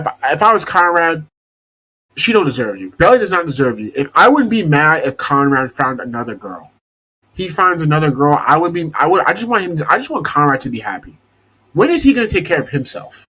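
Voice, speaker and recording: A young man hosts a podcast in an exasperated, casual rant, swearing freely. His voice is husky and sits a bit high, with wildly lively pitch swings. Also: a little fast, low-quality recording. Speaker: podcast host. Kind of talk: casual rant about a TV show.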